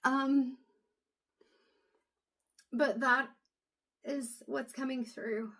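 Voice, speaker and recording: Soft-spoken woman, halting and tired. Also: high voice, steady tone. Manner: soft, halting, many pauses and ums. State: low on energy. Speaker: intuitive reader. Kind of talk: casual talk to camera.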